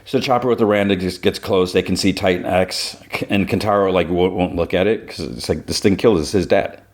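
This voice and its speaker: Deep-voiced man casually recapping an episode. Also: a little fast. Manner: loose storytelling with many "like" fillers. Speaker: podcast host.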